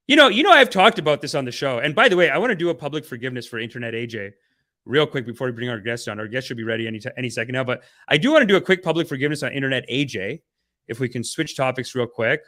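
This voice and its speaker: On his livestream podcast, a medium-pitched male host throws around energetic slang and plays at mock-spiritual preaching. His volume swings between big extremes.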